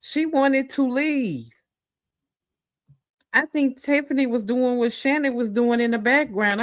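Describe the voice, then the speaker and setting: Slow, animated woman commentator. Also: high-pitched, no echo, clean studio sound. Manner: animated, exclamatory, talks straight to viewers. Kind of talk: casual reaction commentary.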